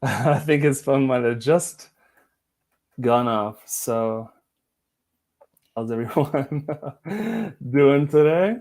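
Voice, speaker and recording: A man hosting a live-streamed podcast, chatty and quick to laugh as he talks to his guest and viewers. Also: mid-range voice, animated, a little mellow. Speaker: podcast host. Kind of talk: live-streamed casual interview.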